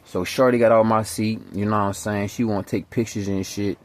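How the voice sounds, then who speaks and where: A man's voice: fairly low pitch, level tone, brisk. A man vlogger telling a rambling story in casual street slang, profane and emphatic.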